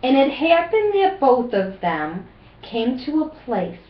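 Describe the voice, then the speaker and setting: An older woman reads a children's book aloud, slowly and gently, her voice lilting up and down. She sounds roomy and a little muffled, as if she was recorded in a room at home. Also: high voice, very animated. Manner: gentle, grandmotherly coaxing. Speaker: storybook reader.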